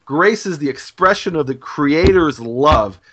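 A man's voice: a little high, expressive, unhurried, a bit bright, highs cut off. A man, a guest author, earnestly explaining an idea in a podcast conversation, with frequent restarts.

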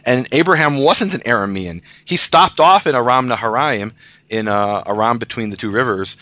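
A man's voice: medium pitch, expressive, moderate pace, bright, forceful tone, no echo, dull audio. A man in a casual discussion, patiently explaining scripture as a guest teacher, often restarting his sentences.

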